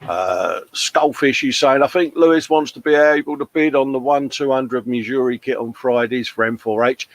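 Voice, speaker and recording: A man's voice: mid-range voice, moderate pace, few pauses, no echo. A British man chatting easily on a livestream, his voice sitting in a middle register. He reads out viewers' comments and answers them in a friendly, rambling way, with plenty of "mate" and "innit". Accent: British English. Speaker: livestream host. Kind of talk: casual livestream chat.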